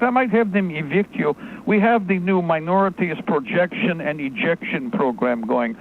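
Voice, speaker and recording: A cold, condescending bureaucrat with a mock-Soviet air, as a man puts him on, spelling out each formal phrase slowly and smugly. The sound is thin and phone-like, with faint hiss underneath. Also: on the high side, creaky. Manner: slow, condescending, clipped formal speech. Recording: tinny phone-line audio, faint noise.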